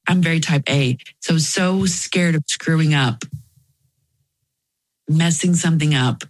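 A woman's voice: low voice, poor audio. Candid young woman in an interview. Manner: candid, earnest, halting with restarts. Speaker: guest. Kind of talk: personal interview conversation.

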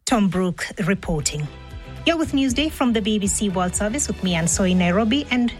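A woman presenting a radio news program in a smooth, steady voice. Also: mid-range voice, normal speed, soft background music.

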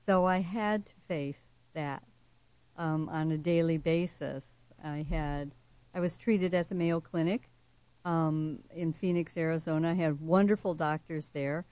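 A woman poet reading her own poem and then talking about it as an interview guest, soft-spoken with slow, measured emphasis. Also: low-pitched, steady tone, clear, resonant tone, no room sound. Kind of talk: poetry reading and interview answers.

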